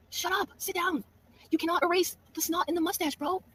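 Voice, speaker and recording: A woman's voice: very high-pitched, fairly even intonation, a little fast, a bit bright. A woman from Massachusetts trash-talking a rival in a profane, brash video rant. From Massachusetts, USA.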